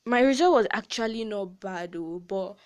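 A teenage girl with a Nigerian accent hosts a casual chat podcast in a mid-range, animated voice at normal speed. She's chatty and heartfelt, emotional at times, laughing often and filling her speech with "like."

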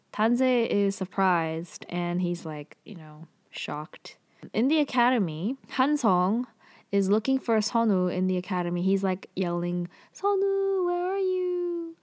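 A woman's voice: lowish voice, darkish tone, dry recording. A woman casually recapping a TV drama's plot, full of "like" and "um" fillers and offhand asides.

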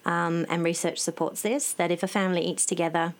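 A woman's voice: fairly low pitch, steady tone, a little fast. A woman in her thirties, a nutritionist and author, talking earnestly and passionately as an interview guest, with many restarts. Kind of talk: casual interview chat.

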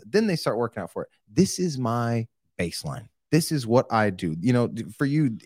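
Guy from oklahoma chatting on a podcast, lively, mid pitch, dead dry mic. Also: normal speed, no echo. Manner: animated, acts out other people's lines in mock voices. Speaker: podcast guest. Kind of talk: casual conversation.

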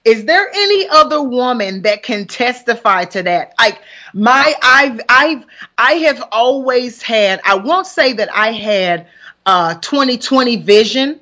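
A woman's voice: on the high side, expressive, unhurried. Chatty Southern woman in her forties. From Alabama, US. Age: 40s. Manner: chatty, warm greetings to listeners, upbeat. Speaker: host and pastor. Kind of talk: casual live broadcast chat.

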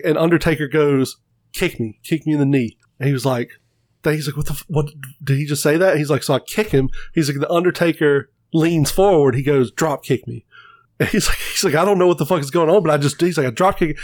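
A man on a casual podcast tells stories with plenty of swearing, slipping into the voices of the people he quotes. His voice sits a little high for a man. The sound is dry and close, with no room echo. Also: fast talker. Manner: profane, animated retelling with quoted voices. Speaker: podcast co-host. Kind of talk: casual chat, storytelling.

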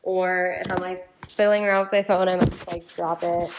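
A woman in her twenties chats casually, padding her stories with filler words. Her voice sits a little low. It is captured on a phone in an echoey room. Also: little pitch movement, normal speed, background noise. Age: 20s. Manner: chatty storytelling with many "like" fillers. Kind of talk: casual chat. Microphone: phone recording. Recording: roomy phone recording.

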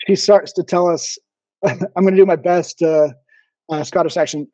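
A man with a slightly raised voice tells stories as a podcast guest, pausing often on ums and restarting his sentences. The recording sounds dull and lo-fi, with a dry, close sound and no room echo. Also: on the high side, steady tone, dark tone. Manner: halting, frequent ums and restarts. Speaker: podcast guest, former missionary. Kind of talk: casual interview storytelling.

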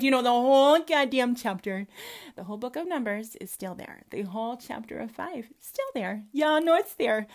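A woman with a Southern American accent delivering a combative, profanity-laced rant full of rhetorical questions. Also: on the high side. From Southern United States. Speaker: commentator. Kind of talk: profane religious rant to camera.

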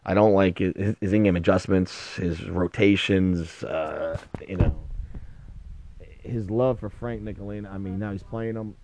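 A man's voice: low-pitched, measured pace, a little mellow, slight background noise. A middle-aged man hosting a sports podcast in casual chat, blunt and opinionated, swearing freely, on a dull lo-fi recording. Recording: dull lo-fi sound.

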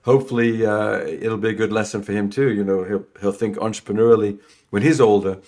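A middle-aged man from London with a London accent, chatting as a podcast guest, warm and rambling with many restarts. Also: fairly low pitch, fairly even intonation, fairly quick. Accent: London English. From England. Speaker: podcast guest, new home sales trainer. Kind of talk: casual interview chat.

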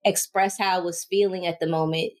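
Young woman telling animated stories. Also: fairly low pitch, fairly quick. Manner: animated storyteller, acts out quotes. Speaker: podcast co-host. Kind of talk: casual chat.

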